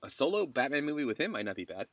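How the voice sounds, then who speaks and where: Animated male podcast host, dry mic. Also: mid-range voice, very fast, no echo. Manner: animated, laughs while telling stories. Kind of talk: casual chat.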